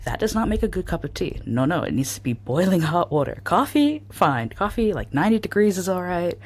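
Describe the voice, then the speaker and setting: A woman's voice: on the low side, brisk. A woman with an American accent co-hosting a podcast, chatting casually and saying "like" often. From New York, raised in England. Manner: lively, uses "like" a lot. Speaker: podcast co-host. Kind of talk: casual chat.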